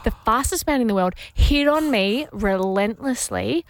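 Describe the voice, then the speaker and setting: An Australian woman in her thirties co-hosting radio, bubbly and gushing, reacting quickly to callers. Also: fairly high pitch, lively intonation. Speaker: radio co-host. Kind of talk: casual radio banter.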